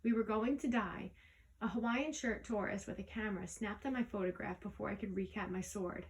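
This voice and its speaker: A woman's voice: medium pitch, fairly quick, low-quality recording. Woman reading a storybook aloud. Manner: lively first-person narration with small misreads and self-corrections. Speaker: audiobook reader. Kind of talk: storybook read-aloud narration.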